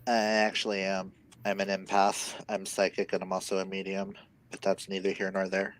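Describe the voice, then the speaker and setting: A man's voice: deep voice, monotone, moderate pace, rough recording. A man co-hosting a casual live-stream chat, giving playful, dramatic oracle card readings. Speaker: co-host reading oracle cards.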